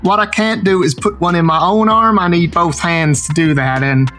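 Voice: medium pitch, moderate pace, fairly bright tone, soft background music. A player in a tabletop game, talking in a laid-back, casual way.

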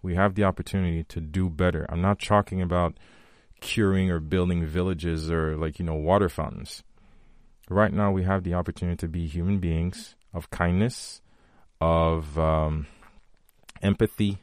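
A man in his thirties with a very low voice hosts a motivational podcast, talking earnestly to his listeners. He repeats key phrases for weight, and the recording is dry and close. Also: fairly even intonation, a little slow, no room sound. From from a country with long power outages. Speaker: podcast host.

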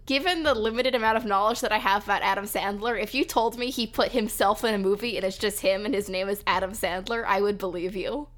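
A woman co-hosting a podcast with her sibling, teasing and deadpan, recording remotely from her bedroom on a mic with a pop filter. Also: medium pitch, fast, few pauses. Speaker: podcast co-host. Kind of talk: casual sibling banter.

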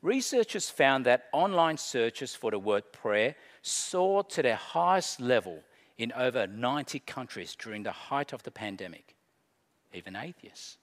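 A man preaching a sermon with expressive delivery, acting out desperate cries in the story. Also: mid-range voice, unhurried. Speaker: pastor. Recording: long church reverb.

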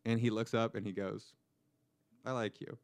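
A young man co-hosting a podcast, telling a story in a deadpan way and acting out the dialogue. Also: lowish voice, normal speed. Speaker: co-host. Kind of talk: casual storytelling chat.

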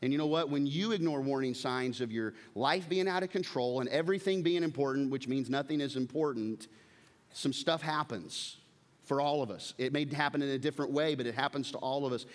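A man, preaching a sermon earnestly and putting direct questions to his congregation. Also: mid-range voice. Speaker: pastor.

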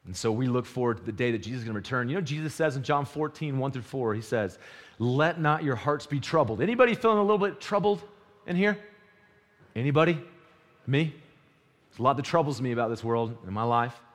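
A man preaching a sermon, animated and full of rhetorical questions to the congregation. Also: medium pitch, fast talker. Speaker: pastor. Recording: long hall reverb.

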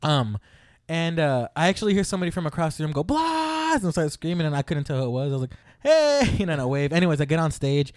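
A man casually telling a story on a podcast, animated and profane, laughing often. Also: fairly high pitch, very fast, dry recording, studio quality.

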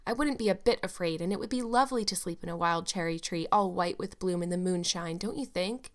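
A woman reading an audiobook, voicing an eleven-year-old orphan girl who chatters eagerly with a clear, sweet voice. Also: fairly low pitch, brisk, close to an everyday voice. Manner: breathless, rambling, eager chatter.

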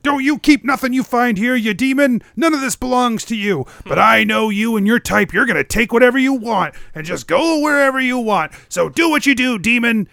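A man's voice: very high voice, lively intonation, normal speed, hardly any pauses, fairly bright tone, dry recording, studio quality, voice pushed up, full character voice. A man doing a distrustful rustic hermit. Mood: accusing. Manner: gruff, distrustful, folksy grammar. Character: suspicious rustic hermit man who calls everyone demon.

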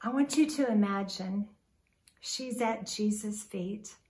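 A woman preacher retelling a story in a sermon, dramatic, swinging from loud to hushed. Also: medium pitch, takes it slowly.

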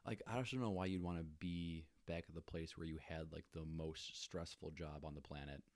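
A man with a very low, deep voice chatting casually as a podcast co-host. He is laid-back and jokey, peppering his speech with "like." The sound is dry and close-miked. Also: fairly even intonation, normal speed, no echo. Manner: laid-back, lots of "like" fillers, joking asides. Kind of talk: casual chat.

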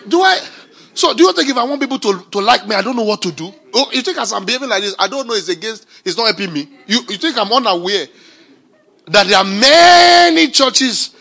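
A male pastor with a high, gravelly voice delivers an emphatic sermon. His tone is bright and edgy, with a raspy grain. He swings between shouted declarations and quiet, conversational asides. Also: animated, brisk.

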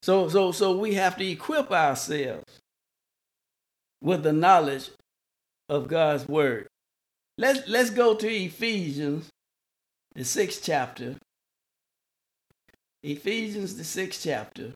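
Slow, emphatic male preacher. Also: on the high side, expressive. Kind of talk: sermon.

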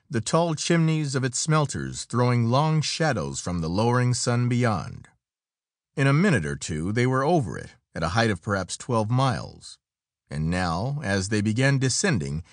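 A male narrator reads an adventure story in a dramatic storytelling style. His pitch rises and falls a great deal, and the recording is dry and close with no room echo. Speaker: audiobook narrator. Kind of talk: scripted narration.

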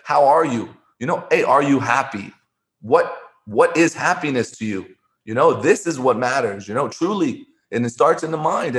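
A man, a former poker player, talking as an interview guest, earnest and given to repeating words and restarting. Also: mid-range voice. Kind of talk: conversational interview storytelling.

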